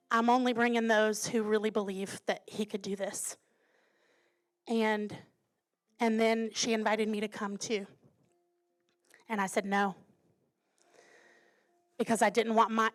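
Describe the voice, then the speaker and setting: A woman pastor in her thirties preaching a sermon, telling a personal story earnestly and building to emphatic declarations. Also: medium pitch.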